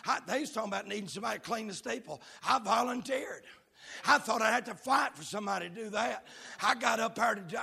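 Man, revival preacher, high raspy voice, bright and gravelly, hollers in a sing-song. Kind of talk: fiery revival sermon.

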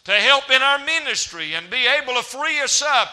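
A man's voice: very high voice, animated, moderate pace, pushed and bright. A man preaching a folksy, humorous sermon as a traveling evangelist in a church. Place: church hall. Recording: reverberant church hall.

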